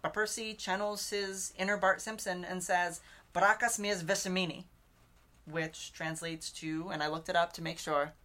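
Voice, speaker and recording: Bright-voiced chatty woman recapping a book. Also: fairly low pitch, steady tone, moderate pace. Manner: chatty recap, filled with "like" and "literally". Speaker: podcast co-host. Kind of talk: casual book discussion.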